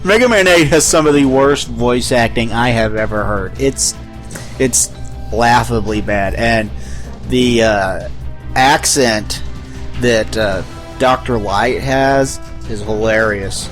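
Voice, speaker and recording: A man's voice: mid-range voice, takes it slowly, faint music behind. A man co-hosting a casual podcast chat, swearing and laughing as he talks. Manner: animated, swearing, laughing often. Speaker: podcast co-host.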